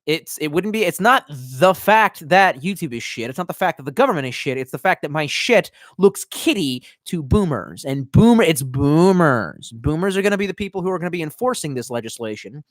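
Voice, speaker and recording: A man's voice: a little high, lively intonation, fairly quick, few pauses, fairly bright tone, dry recording, studio quality. A young man ranting casually to his live chat, profane and rambling. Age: young adult. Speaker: live streamer.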